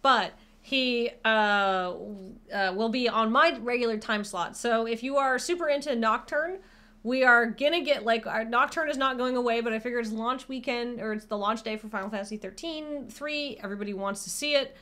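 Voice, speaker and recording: A woman's voice: on the high side, normal speed, sharp tone. A woman hosting a casual stream, rambling and playful, giggling through improvised mock commercials. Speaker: stream host.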